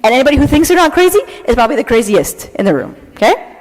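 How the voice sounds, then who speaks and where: A young woman delivers a church talk with lively, dramatic energy and a high-pitched voice. She jokes at her own expense and keeps checking in with "okay?". Her voice carries a long reverb from a large hall. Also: quick pace. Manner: jokey, self-mocking asides. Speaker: church speaker. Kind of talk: sermon talk.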